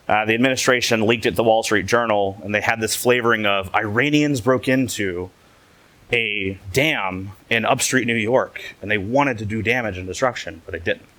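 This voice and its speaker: A man's voice: medium pitch, a bit bright. A man giving a conference talk in a casual, joking way, telling stories with animation. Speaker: conference speaker.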